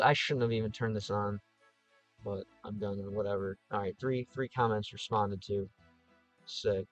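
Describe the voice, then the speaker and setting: A man's voice: medium pitch, highs cut off. A man on a casual livestream, reading viewer comments and thinking aloud in an offhand way.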